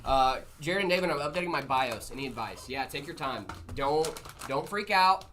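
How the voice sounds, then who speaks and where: A man's voice: a little high, expressive, moderate pace, a bit bright, a little hiss or hum. A young man co-hosting a casual livestream, reading chat aloud with playful, jokey banter. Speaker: livestream co-host. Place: studio in Phoenix, Arizona.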